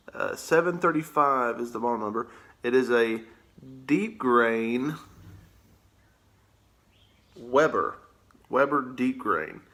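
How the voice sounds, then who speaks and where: A man's voice: mid-range voice, a bit bright. A man with a Southern US accent chatting casually in an easygoing, rambling way, with plenty of filler words. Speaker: pipe-smoking vlogger. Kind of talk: casual chat.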